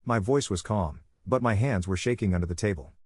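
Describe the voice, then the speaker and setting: A man giving a measured, scripted first-person story narration. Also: fairly low pitch, darkish tone, husky, no room sound.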